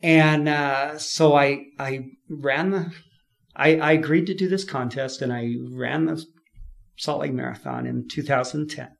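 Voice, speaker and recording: A man from California, a podcast guest, telling his story in a lively way, laughing often and acting out what people said. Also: fairly high pitch, a little slow, creaky. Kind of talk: storytelling in an interview.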